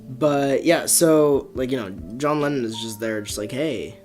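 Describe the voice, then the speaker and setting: A man's voice: mid-range voice, moderate pace, a little mellow, faint music behind. Rambling young man hosting a podcast. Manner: rambling, full of fillers and restarts, laughs often. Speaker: podcast host. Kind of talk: casual rambling storytelling.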